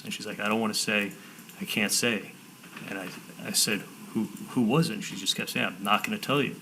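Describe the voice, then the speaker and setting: A low-pitched man with a bright, forceful voice gives courtroom testimony. He talks in halting bursts, restarting and repeating words as he retells conversations. Faint room hiss sits behind him. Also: steady tone, poor audio. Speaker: defendant testifying.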